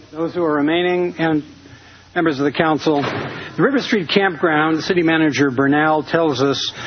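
Husky, indignant man at a council meeting. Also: on the high side. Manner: indignant, formal. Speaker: public commenter at a council meeting. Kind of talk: prepared public comment. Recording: dull recording of a council meeting.

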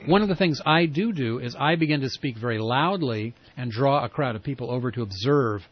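Man, talk host, mid-pitched, halting and rambling, muffled lo-fi sound. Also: animated. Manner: rambling, halting, with many restarts. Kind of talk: casual conversational interview.

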